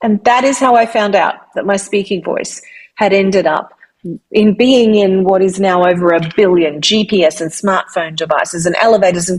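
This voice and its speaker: A middle-aged woman with an Australian accent, a voiceover artist and singer-songwriter, telling her story in a lively, animated interview. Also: mid-range voice, slightly rough. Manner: animated, lively retelling of anecdotes.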